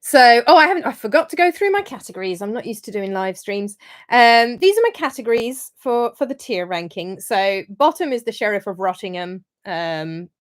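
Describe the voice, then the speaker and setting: A woman's voice: a little high, big pitch swings, normal speed. A woman hosting a casual livestream review, talking in a chatty, rambling way with frequent ums and restarts. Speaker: historian livestream host.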